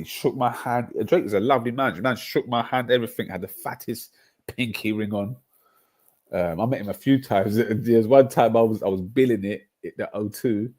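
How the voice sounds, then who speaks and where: A man's voice: fairly low pitch, moderate pace. Rambling young man. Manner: rambling, animated storytelling with slang. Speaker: livestream host. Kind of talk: casual livestream chat.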